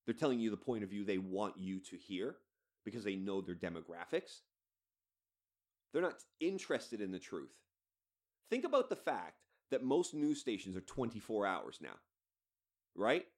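A man hosting a podcast, ranting bluntly and swearing freely. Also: lowish voice. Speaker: podcast host. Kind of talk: solo podcast rant.

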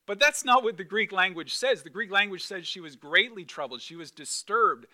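A male pastor preaching a conversational sermon, animated and emphatic, with repeated phrases. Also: sits high, normal speed.

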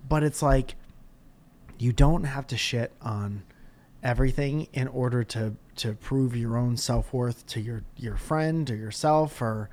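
A male podcast host in casual conversation, spinning animated stories. He swears freely and throws in jokes as he rants. His talk is loose and expressive. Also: medium pitch, unhurried. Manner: animated storytelling, profane and jokey. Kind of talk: casual chat.

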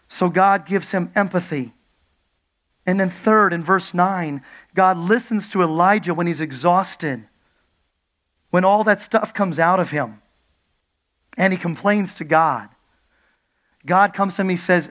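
High-pitched guy preaching, gets emphatic then slows way down on the big points. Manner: drops soft and low when quoting God's gentle words. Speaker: pastor. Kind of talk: sermon.

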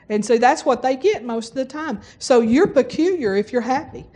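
High-voiced woman preaching. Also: lively intonation, normal speed, hardly any pauses. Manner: folksy, exhorting, bursts into forced laughter. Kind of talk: sermon.

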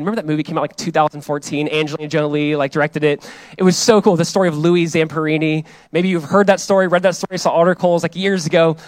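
Man, pastor's sermon, slightly high voice, casual and energetic, dry close sound. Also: dry recording. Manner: casual, energetic, repeats and restarts phrases. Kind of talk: sermon with prayer. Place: church hall.

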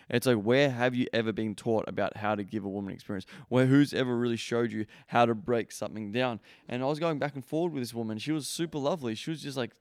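A man hosting a podcast, talking straight to his listeners in a blunt, emphatic coaching tone. He swears freely and peppers his talk with "like." His voice sits at a middle pitch and is recorded close and dry, with no room sound. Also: fast, few pauses, a little mellow, clear, resonant tone, no room sound. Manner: blunt, profane, emphatic, many fillers. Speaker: podcast host. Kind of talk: casual coaching monologue.

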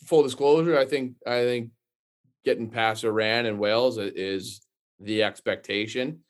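An American man guesting on a casual football podcast, talking in a measured, earnest way with frequent restarts. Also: mid-range voice. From United States.

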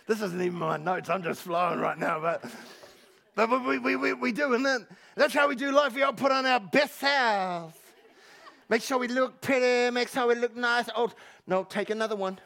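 Preaching a little slowly at a church service, a high-pitched man with gravel in his voice starts in quiet reflection and builds to passionate shouting. This pastor repeats words as he collects his thoughts and shares laughs with the congregation.

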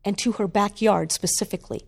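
A woman, an author and guest, telling a story in a conversation with an animated, expressive delivery. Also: mid-range voice, brisk, vocal fry.

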